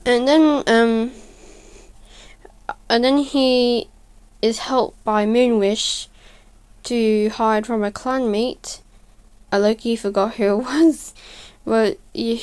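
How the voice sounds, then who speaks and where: A woman narrates her speedpaint in a relaxed, tired way, with a smooth and clear voice. She speaks slowly and haltingly, with frequent stutters. She often breaks off to correct herself. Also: mid-range voice. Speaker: video creator narrating a speedpaint. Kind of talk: casual voice-over storytelling.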